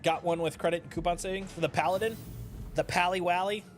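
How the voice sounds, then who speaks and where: A man's voice: sits high, fairly even intonation, brisk. A young man streaming a game, chatting casually with playful, jokey asides. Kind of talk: casual gameplay commentary. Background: game music.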